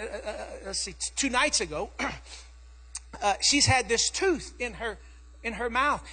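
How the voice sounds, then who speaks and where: A man preaching a sermon as pastor, telling a family story and rising to shouts. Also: very high voice, husky. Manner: animated preaching, acting out his daughter's voice, rising to shouts.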